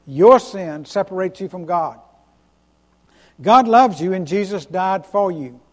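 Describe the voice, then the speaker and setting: Preaching as pastor in a church sanctuary, a man with a high-pitched, darkish voice delivers an earnest, emphatic sermon, repeating key phrases and restarting sentences. The recording carries the long reverb of a church hall.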